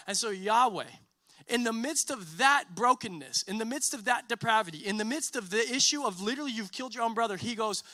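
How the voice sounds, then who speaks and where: A man in the pulpit with a high, bright voice, preaching in an animated, conversational way. He keeps checking in with the congregation and slips into casual voices for the characters in his story. The sound is close and dry. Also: fast talker, dry recording. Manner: conversational, many "right?" tags and restarts. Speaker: pastor. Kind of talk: sermon.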